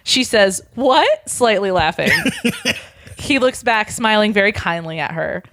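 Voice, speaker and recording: A woman podcast host reading a fan fiction story aloud, voicing the dialogue in a hushed, deadpan way. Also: mid-range voice, moderate pace, no room sound. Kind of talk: casual reading aloud with chat.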